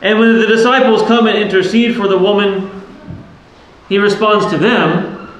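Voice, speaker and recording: A man's voice: sits high, fairly even intonation, normal speed, fairly bright tone. A man preaching a sermon as a priest, earnest and explanatory, often asking the listeners questions. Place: church. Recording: very echoey church with faint noise.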